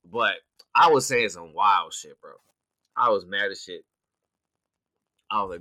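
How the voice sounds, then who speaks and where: A man in a casual chat, talking in an animated, profane and needling way. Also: on the low side, a little slow, dry recording. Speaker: podcast co-host.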